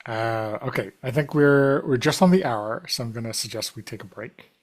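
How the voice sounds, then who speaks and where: A man running a tabletop crime game as game master, hesitant, with many pauses and restarts. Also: medium pitch.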